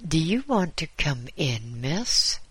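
A man's voice: mid-range voice, expressive, takes it slowly, vocal fry, pushed and bright, husky, dry recording, full character voice. A man voicing a genial, teasing old male angel who keeps the gates, folksy and chuckling, in a storybook reading.

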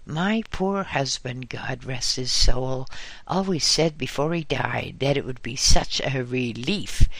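A man voicing a loud, blustering, gossiping old working-class woman who yells and scolds. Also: rumbling low, expressive, slow pace, no echo, full character voice. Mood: loud indignant. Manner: roaring, yelling, exasperated.

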